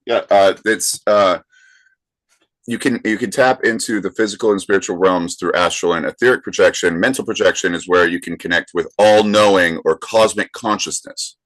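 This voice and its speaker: A man's voice: deep voice, steady tone, a bit bright, no echo, poor audio. A man co-hosting a podcast, explaining a topic in casual chat with frequent "uh" and "um". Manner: explains slowly with many fillers. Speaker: podcast co-host.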